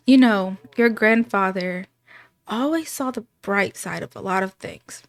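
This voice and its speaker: A woman voicing a gentle, patient grandmother in a game, speaking softly and reassuringly. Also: mid-range voice, measured pace, lightly acted. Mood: soothing. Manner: soft, soothing, reassuring.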